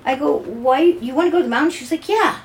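A woman's voice: sits high, fast talker, a little hiss or hum. An older woman, a grandmother, telling a family story in casual chat and acting out the voices. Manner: animated, acts out voices in her stories.

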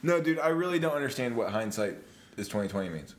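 Goofy young co-host, very lively pitch swings, mid-low voice, playful and crude. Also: male voice, fast talker, a little hiss or hum. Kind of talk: casual chat.

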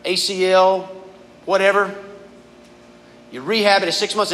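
A man with a fairly high pitch reads scripture and chats informally with a youth group, speaking at a moderate pace and pausing often. His preaching is casual and animated, and he frequently says "guys"; the hall is reverberant with faint background noise.

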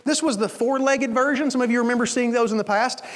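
A male preacher telling a long personal story in a sermon, animated and acting out the voices of the people in it. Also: very high voice, fast. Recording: long hall reverb.

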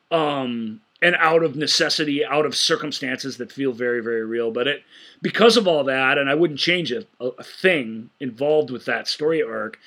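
Male podcast co-host, bright tone, eager and excitable, trips over his words when excited. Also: mid-range voice. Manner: enthusiastic, animated retelling with frequent stammered restarts. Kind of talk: casual film-discussion podcast chat.

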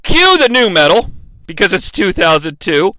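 A man's voice: high-pitched, big pitch swings, normal speed, bright, forceful tone, dry recording. A man hosting a comedic movie recap, sarcastic and profane. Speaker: movie reviewer, host.

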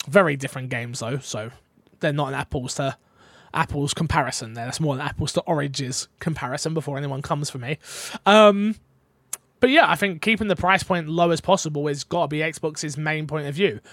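A man's voice: a little high, moderate pace, a bit bright, no echo. A man hosting a casual gaming podcast, talking in a rambling, hesitant way full of fillers. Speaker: podcast host.

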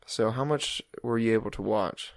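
A young man with a fairly low, gravelly voice steers a relaxed, wry podcast chat. The sound is close-miked and dry. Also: normal speed, no echo. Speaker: podcast co-host. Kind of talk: casual chat.

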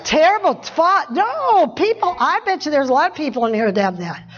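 A woman with a bright, high voice preaches in a loose, conversational way, chuckling as she goes and circling back on key phrases. The recording is muffled and lo-fi. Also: sing-song, moderate pace. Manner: conversational, laughs often, repeats phrases for emphasis. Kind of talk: informal sermon teaching. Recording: dull lo-fi recording.

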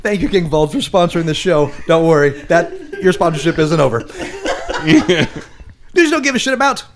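Brief: man hosting a podcast, slightly high voice, lively pitch, playful. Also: normal speed, noisy background. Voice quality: playful, announcer-like segment reads. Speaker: podcast host.

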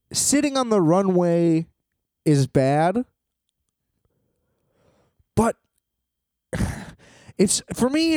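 Animated ranting man with mellow voice. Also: on the high side, no echo, clean studio sound. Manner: exasperated, profane, laughs often. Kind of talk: casual ranting monologue.

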